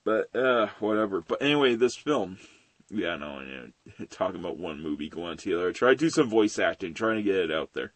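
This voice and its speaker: A man's voice: low-pitched, sing-song, fairly quick, dry recording. Rambling, profane young man reviewer. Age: late 20s. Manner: rambling, profane, laughs often. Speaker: film reviewer. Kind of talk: casual swearing film review.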